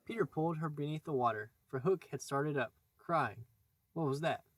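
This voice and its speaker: A man narrating a classic children's novel as an audiobook, in a measured storytelling manner. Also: fairly high pitch, dry recording. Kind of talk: scripted narration.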